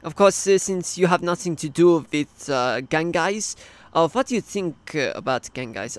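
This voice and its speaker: Halting male cartoon host. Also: a little high, expressive, dry recording. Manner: hesitant, halting with many fillers. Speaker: host, interviewer. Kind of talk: hobby cartoon voice acting.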